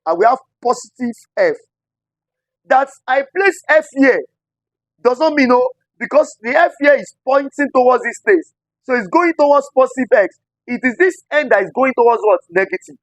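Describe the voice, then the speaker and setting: Animated man teaching physics. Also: high voice, dry recording. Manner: repetitive, asks the class rhetorical "what?" questions. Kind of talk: whiteboard physics lesson.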